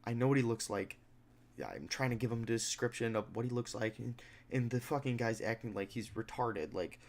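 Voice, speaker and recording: Young man, podcast host, gravelly voice, casual profane storytelling, acts out other people. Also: mid-range voice, animated, normal speed. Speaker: mixed martial arts fighter.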